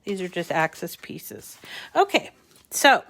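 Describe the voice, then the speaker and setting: A woman's voice: fairly low pitch, big pitch swings, slow, gravelly, a bit bright. A woman hosting a live paper-crafting tutorial, chatting casually with many ums and small restarts as she walks viewers through each step. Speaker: crafting channel host.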